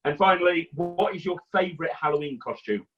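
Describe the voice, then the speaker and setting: A man with a fairly high voice hosts a casual interview, hesitating and laughing between questions. The recording sounds slightly dull, as if the top end has been cut off. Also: a little fast. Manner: hesitant, laughs often, friendly. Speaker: interviewer host.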